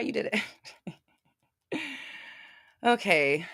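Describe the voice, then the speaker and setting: A woman's voice: fairly low pitch, lively intonation, moderate pace, fairly bright tone, dry recording, studio quality. A young adult woman hosting a casual live-stream chat, talking bluntly and swearing freely as she rants. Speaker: podcast host.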